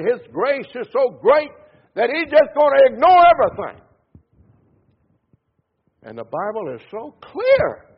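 A man delivers an emphatic sermon in a high-pitched, husky voice. He presses hard on key words and lets his endings sink low and quiet. The sound is thin and tinny, as if heard over a phone line. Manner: emphatic preaching that swings between loud stresses and low trailing endings. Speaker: preacher.

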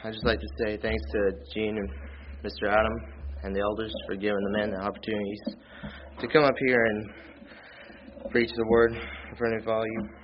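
A man preaching a sermon in church, reading scripture aloud in a plain, earnest way and rising in pitch and volume on his key points. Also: level tone, moderate pace, muffled recording, background noise. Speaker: lay preacher.

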